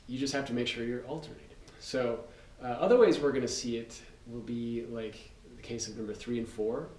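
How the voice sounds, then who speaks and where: Relaxed man teaching drums, roomy and distant. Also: medium pitch, fairly quick. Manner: relaxed, loose, with fillers and counting aloud. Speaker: drum teacher. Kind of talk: casual instructional talk. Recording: roomy, distant mic, loud noise.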